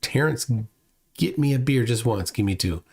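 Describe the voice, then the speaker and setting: Middle-aged male streamer, casual chat reading comments, rambly, mid-pitched voice. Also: expressive, moderate pace, gravelly, a little mellow, breathy edge. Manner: rambling, reads chat aloud, restarts often. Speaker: livestream host.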